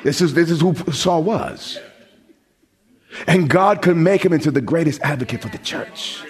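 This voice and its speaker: A man preaching a sermon as pastor, with dramatic pauses, rising emphasis and questions thrown out to the congregation. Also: fairly high pitch. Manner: call-and-response questions to the congregation.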